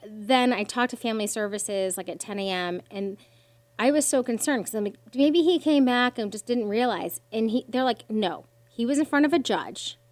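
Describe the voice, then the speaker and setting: A woman's voice: fairly high pitch, normal speed, no room sound. A woman guest on a podcast, telling a personal story with strong emotion, swearing freely and acting out the voices of others. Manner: animated, swears freely, acts out quoted voices.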